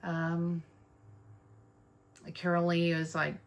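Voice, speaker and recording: A woman's voice: on the low side, completely flat delivery, drawn-out words. A woman, chatting casually to camera in a stitching vlog, rambling through her news. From North Texas. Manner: chatty, rambling, warm about friends, with fillers. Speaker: Flosstube vlogger.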